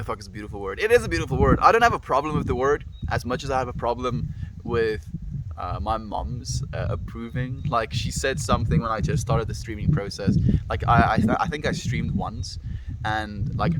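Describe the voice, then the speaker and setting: A man's voice: on the low side, noisy background. A young South African man on a casual livestream, reading chat aloud and answering viewers in an affectionate, reflective way. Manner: warm, affectionate, reflective, calls viewers "my friend".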